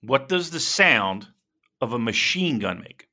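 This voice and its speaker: Animated, profane man co-hosting a podcast. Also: medium pitch, a little slow. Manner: profane, rambling, animated storytelling. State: dealing with a sore shoulder. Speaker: podcast co-host. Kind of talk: casual wrestling podcast chat.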